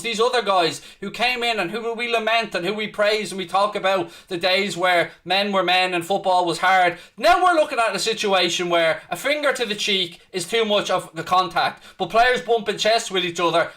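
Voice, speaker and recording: A man hosts a live football watchalong, ranting with heat and passion while answering the chat. His voice is high, bright, and forceful.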